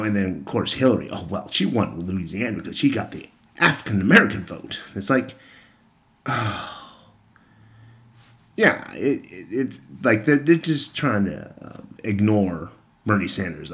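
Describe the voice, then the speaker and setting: A man's voice: on the low side, fairly bright tone. A young man giving a casual vlog rant on the news, blunt and sarcastic, swearing freely. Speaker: political commentator.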